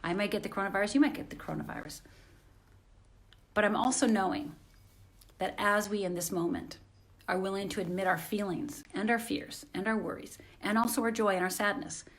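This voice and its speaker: A woman's voice: mid-range voice, a little fast. A woman hosting a motivational live stream from home on her phone. She talks in an earnest, encouraging way and often repeats phrases.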